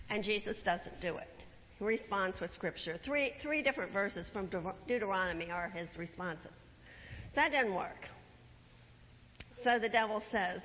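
A woman's voice: mid-range voice, animated, normal speed. A woman preaching a sermon in a church, telling the story and putting questions to the congregation. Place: church sanctuary. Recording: dull, echoey church recording.

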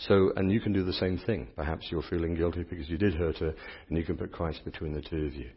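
With a deep, steady, slightly rough voice and a quick pace, a middle-aged English priest leads a playful sermon in church. He keeps up a teasing banter with his volunteers and the congregation, and the dull lo-fi audio carries long church reverb.

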